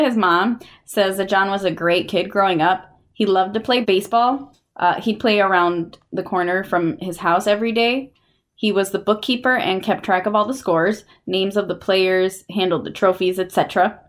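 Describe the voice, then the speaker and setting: A woman's voice: medium pitch, moderate pace. A young woman co-hosting a casual true-crime podcast, telling the story with crude jokes and lots of swearing. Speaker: podcast co-host.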